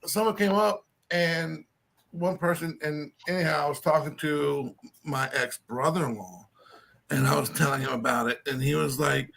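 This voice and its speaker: A man with a Southern US accent in casual chat, telling a story in an animated way, repeating himself and acting out what others said. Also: on the high side, normal speed, creaky.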